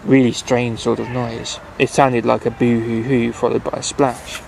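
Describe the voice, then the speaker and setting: A man reads a bedtime story aloud in a gravelly, fairly flat voice, stumbling and restarting as he goes. Faint traffic noise carries behind him. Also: mid-range voice, normal speed, low-quality recording. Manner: unpolished reading with restarts and fillers. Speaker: reader.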